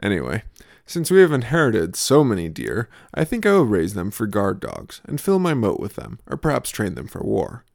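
Gravelly young man reading deadpan comedy. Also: on the low side, normal speed, dry recording, studio quality. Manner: absurd deadpan humor in a storytelling voice. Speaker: podcast host. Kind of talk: scripted comic newsletter reading.

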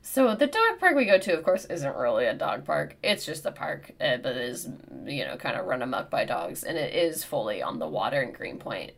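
A woman in her thirties co-hosting a podcast, telling a comic story in an animated, profane way. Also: sits low, fairly quick, gravelly, hardly any pauses. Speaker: podcast co-host. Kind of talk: casual storytelling chat.

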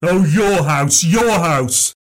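A man's voice: a little high, animated, extremely slow, voice pushed up, full character voice. A man voicing a dishevelled, drunk old man, bellowing and ranting in a story. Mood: drunken rage. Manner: shouting, ranting, slurred bellowing.

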